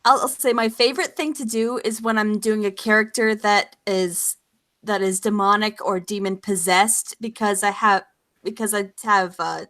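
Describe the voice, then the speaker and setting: A woman's voice: mid-range voice, fairly even intonation, moderate pace, a bit bright. Woman narrator in casual chat. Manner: repeats words when starting. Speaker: audio narrator.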